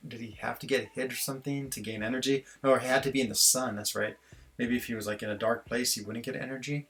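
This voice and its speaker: Gravelly man musing casually. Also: mid-range voice, a bit bright. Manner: rambling, musing, chuckles often. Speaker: streamer host. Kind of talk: casual live-stream chat reading comments. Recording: faint guitar music behind.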